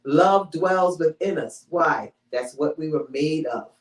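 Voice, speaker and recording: A woman giving a conversational sermon, teaching in a relaxed way and often checking in with the congregation with "all right?" and "you know". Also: sits low, slow. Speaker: preacher. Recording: echoey room, mic from far off.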